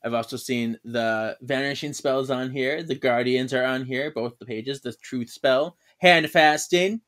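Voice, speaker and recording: A man's voice: medium pitch, measured pace, a bit bright. A man co-hosting a podcast, recapping a comic with laughter and acted-out lines. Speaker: podcast host. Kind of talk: casual chat about comics.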